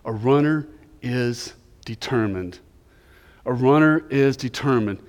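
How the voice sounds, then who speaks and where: A man in his forties preaching a sermon as pastor, moving between loud emphatic lines and hushed, near-whispered prayer. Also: mid-range voice, takes it slowly, long reverb tail. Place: church sanctuary.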